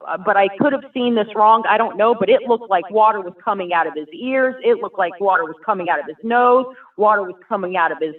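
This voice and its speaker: A woman giving an emotional personal testimony, telling her story earnestly and vividly. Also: medium pitch. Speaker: guest sharing a personal testimony. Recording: tinny phone-like sound from far off.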